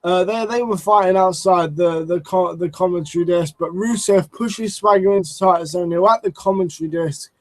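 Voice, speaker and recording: High-voiced man ranting casually. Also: moderate pace, few pauses, no echo, low-quality recording. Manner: rambling, profane, lots of restarts and fillers. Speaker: wrestling show reviewer. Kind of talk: casual commentary review.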